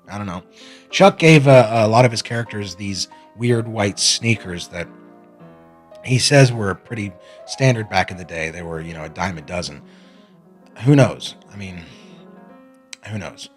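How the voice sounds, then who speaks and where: Man, cartoon review host, mid-pitched voice, sarcastic, ranting, faint background music. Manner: sarcastic, ranting, self-mocking asides. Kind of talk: opinionated review monologue.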